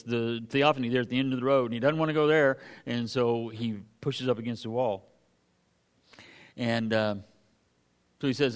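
A man with a mid-range voice delivers a casual sermon, reading scripture aloud between folksy, animated asides to his congregation.

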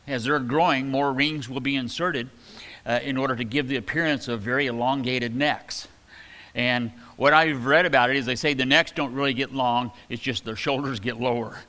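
Folksy, bright-voiced man preaching. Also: mid-range voice, long reverb tail. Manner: folksy, rambling with many fillers and restarts; reads scripture aloud with emphasis. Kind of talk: conversational sermon.

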